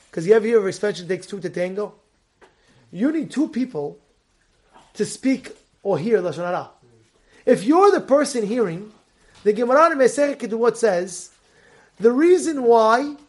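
Male rabbi, high voice, lively storyteller, repeats lines for emphasis, quizzes the class. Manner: animated, repeats phrases for emphasis, asks the audience questions. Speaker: rabbi teaching a Torah class. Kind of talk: informal Torah lesson with storytelling.

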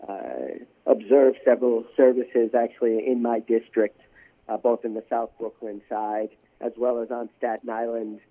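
A congressman appearing as a guest on a radio interview presses combative political talking points, often repeating words as he restarts sentences. He speaks over a tinny telephone line in a mid-range, flat voice at normal speed.

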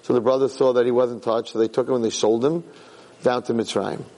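A man giving an animated Torah class. He repeats phrases for emphasis and mixes Hebrew terms into his English. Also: medium pitch, fairly quick, big-room sound, low-quality recording. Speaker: Torah teacher. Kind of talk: Torah class on the weekly portion.

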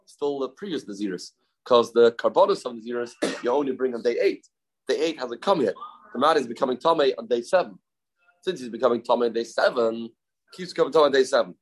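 A man's voice: medium pitch, poor audio. A man teaching a daily Talmud lesson, mixing English with Hebrew and Aramaic terms, often repeating phrases and asking himself questions.

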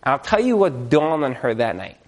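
A man speaking to an audience, telling a story in a chatty, animated way with lots of fillers and repeated words. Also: mid-range voice, a little fast. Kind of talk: lively storytelling talk.

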